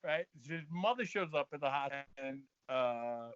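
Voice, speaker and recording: A man, a guest on a podcast, telling a story in an animated, profane way and laughing as he goes. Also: mid-range voice, normal speed, clear, resonant tone, no room sound. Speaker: guest, fighter. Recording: dull dry lo-fi podcast audio.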